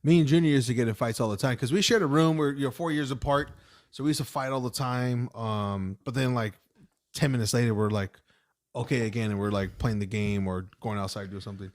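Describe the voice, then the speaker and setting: A man's voice: medium pitch, quick pace. A young man co-hosting a podcast, swearing freely and laughing along while telling stories about his brothers. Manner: profane, reactive, laughs along. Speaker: podcast co-host. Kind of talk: casual chat.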